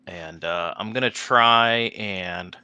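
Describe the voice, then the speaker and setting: A man's voice: low voice, slow, pushed and bright, smooth, no room sound, muffled recording. A man playing a tabletop game, thinking aloud with hesitant ums. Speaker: player.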